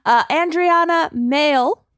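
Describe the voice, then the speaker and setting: A woman's voice: high voice, takes it slowly, fairly bright tone. A young adult woman co-hosting a podcast, chatting casually with giggles and lots of "like"s. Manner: giggly, rambling with many "like"s. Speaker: podcast co-host. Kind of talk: casual chat.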